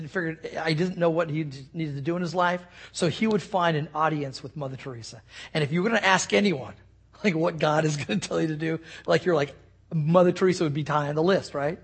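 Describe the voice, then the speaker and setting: Pastor guy preaching, kinda husky, voice on the higher side, gets real soft. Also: quick pace. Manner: earnest storytelling, dropping to a soft hush. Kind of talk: sermon.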